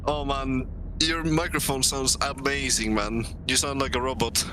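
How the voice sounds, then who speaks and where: A man's voice: mid-range voice, fairly even intonation, normal speed, background noise. A man from Thailand, born in Finland, streaming a sim race and joking with friends in casual chat. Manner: chatty, jokey, self-mocking.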